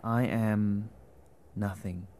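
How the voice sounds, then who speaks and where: A man's voice: fairly low pitch, fairly even intonation, extremely slow, darkish tone. A man voicing a lonely little male cave who longs for friends, talking in an emotional, pleading way. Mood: ashamed.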